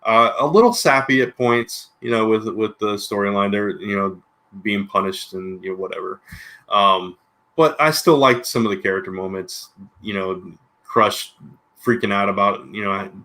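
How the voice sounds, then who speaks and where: This comic book podcast co-host talks on a casual livestream in a fairly low, sharp-toned voice at normal speed. He wanders and hesitates, peppering everything with "you know" and other filler.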